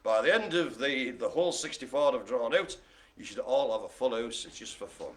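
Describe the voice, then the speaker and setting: A man's voice: mid-range voice, a little fast. A man hosting a live-streamed bingo game, joking and playing the showman as he calls out each item. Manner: jokey, playful, showman-like. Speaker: bingo caller and host.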